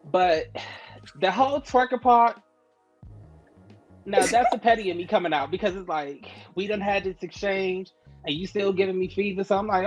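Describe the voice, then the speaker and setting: A man's voice: high-pitched, normal speed, pauses often, lo-fi sound, faint music behind. A man co-hosting a casual TV recap chat, talking expressively with sassy asides. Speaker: podcast co-host.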